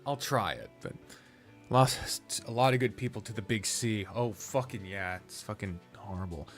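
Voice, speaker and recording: A man's voice: on the low side, animated, moderate pace, a bit bright, faint music behind. A man streaming a strategy game, chatting casually, swearing freely and rambling from topic to topic. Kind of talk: casual live-stream commentary while gaming.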